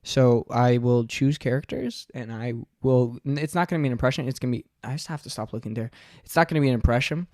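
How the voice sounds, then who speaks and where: A young man chatting casually in a vlog, rambling quickly and cutting himself off while he tries out character voices. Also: mid-range voice, a little mellow, no room sound, studio quality. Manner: quick, rambling, self-interrupting. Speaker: vlogger. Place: home room.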